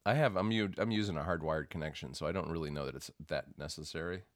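A man's voice: very deep voice, fast talker, dry recording. A man co-hosting a podcast, chatting casually and rambling, often restarting his sentences. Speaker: podcast co-host. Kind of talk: casual chat.

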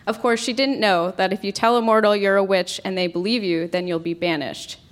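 A woman's voice: medium pitch, steady tone, a little fast. A woman at a live reading show, reading aloud a story she wrote as a child, in an amused way.

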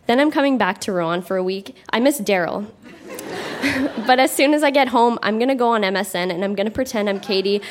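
A woman's voice: on the high side, brisk, slight background noise. A young woman from Canada reading her childhood diary aloud on a live theatre stage, often laughing as she reads. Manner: amused, breaks into laughter often. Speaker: guest reader.

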